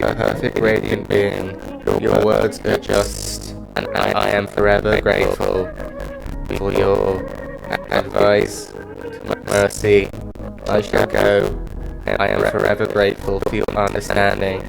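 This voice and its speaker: A man voicing a hulking, disgusted monster villain with a sneering way of talking, over loud music. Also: on the low side, slow pace, creaky, pitched below the performer's own voice, full character voice, rough recording. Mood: dead monotone. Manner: sneering, then flat monotone.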